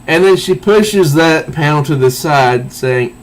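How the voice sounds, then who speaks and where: A man's voice: a little high, poor audio. A man casually reviewing a comic book, reading panel dialogue aloud with frequent restarts and little chuckles. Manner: halting, restarts, reads dialogue in a flat voice, chuckles at jokes.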